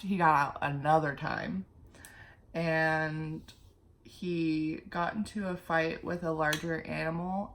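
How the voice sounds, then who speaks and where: A woman's voice: low voice, gravelly, a bit bright. A young woman telling a rambling, chatty story while getting ready on her vlog. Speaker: vlogger. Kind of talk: get-ready-with-me story time.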